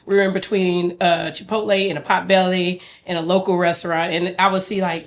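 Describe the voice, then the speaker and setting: A woman's voice: lowish voice, little pitch movement, fairly quick. A woman in her fifties hosting an interview, chatting about her years working in wine retail. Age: 50s. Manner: chatty, shares retail anecdotes. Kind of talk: conversational interview.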